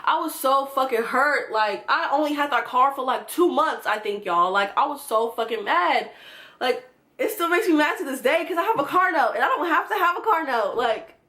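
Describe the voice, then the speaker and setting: A woman's voice: high voice, lively intonation, moderate pace, pushed and bright. A young woman from Georgia telling a profane, exasperated storytime to her viewers. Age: young adult. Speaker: vlogger. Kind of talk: storytime vlog.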